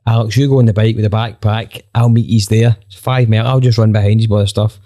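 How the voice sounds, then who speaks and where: Low, mellow man telling a story. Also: fairly even intonation, fast talker. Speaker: band member telling a story. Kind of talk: casual storytelling chat.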